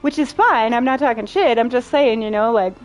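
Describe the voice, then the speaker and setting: A young woman talking casually over a game stream, blunt, sarcastic and freely profane. Her voice sits a bit high, with faint game music running underneath. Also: lively intonation, brisk. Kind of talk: casual chat while playing.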